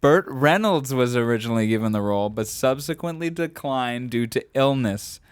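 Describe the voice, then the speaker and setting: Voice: mid-range voice, lively intonation, moderate pace, clear, resonant tone, no room sound, clean studio sound. A podcast co-host reading film trivia aloud in a playful, mock-dramatic way, between bits of casual chat.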